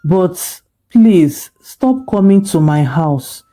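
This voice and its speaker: A storyteller voicing a kind, patient father recovering from illness, soft and reassuring. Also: mid-range voice, expressive, extremely slow.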